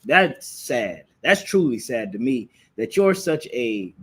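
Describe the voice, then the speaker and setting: A man's voice: medium pitch, very animated, takes it slowly, fairly bright tone, husky. A man teaching a live-streamed religious class, scolding his listeners with confrontational preaching and repeated rhetorical questions. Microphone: streaming live from a phone or computer.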